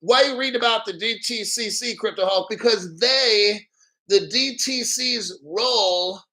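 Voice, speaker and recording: Hyped-up guy streamer cussing a lot, high bright voice. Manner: excitable, profane, bursts into shouts and laughs. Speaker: livestream host. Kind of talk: excited crypto livestream chat.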